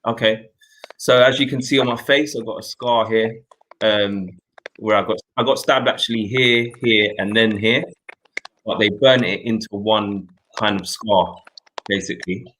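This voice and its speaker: A young adult man, hosting a talk show and telling a personal story in an earnest, reflective way, with pauses and restarts. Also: on the low side, fairly even intonation, a bit bright, a little hiss or hum, poor audio. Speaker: host.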